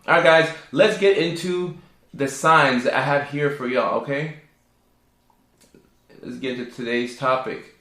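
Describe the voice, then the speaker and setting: A man's voice: fairly bright tone, roomy sound. A man hosting a casual live stream, reading viewer questions and explaining neurodivergence, with lots of fillers and repeated words. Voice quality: calls his own voice sultry and low. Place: indoor home room.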